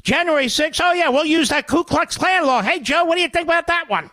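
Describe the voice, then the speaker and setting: A man's voice: extremely high pitch, fairly quick, bright, forceful tone, no echo, pitched above the performer's own voice. A man voicing a blustering male politician who answers in a mocking, sing-song impression.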